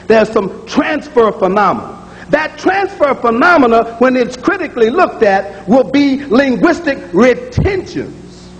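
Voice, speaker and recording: A man's voice: high-pitched, long reverb tail, poor audio. A man giving a public lecture to an audience. He speaks emphatically, repeats key points and sounds out speech sounds aloud.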